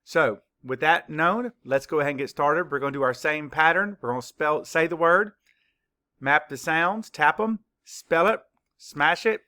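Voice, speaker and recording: A third-grade teacher leads a children's spelling lesson, slowly spelling words letter by letter and giving clear, patient instructions. His voice is a little high with a sharp tone.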